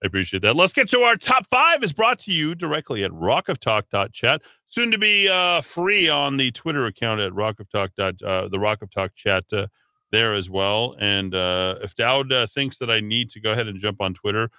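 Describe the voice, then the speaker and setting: A man hosting a radio talk show in a rambling, casual way, with lots of fillers and sudden jumps up in pitch when he hands over. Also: animated, moderate pace, sharp tone, clean tone, no room sound.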